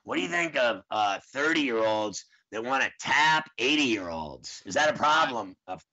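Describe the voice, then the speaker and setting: This man, a forties-aged podcast host, speaks in an unhurried, mid-range voice. He rambles through casual stories, animatedly acting out what others said, and the recording is dull and lo-fi.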